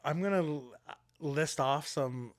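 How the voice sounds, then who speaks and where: A man co-hosting a casual podcast, halting and full of fillers, often second-guessing himself mid-sentence. His voice is a little high and recorded dry, with no room sound. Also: no room sound. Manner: halting, lots of fillers and questioning asides. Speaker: podcast co-host. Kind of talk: casual chat.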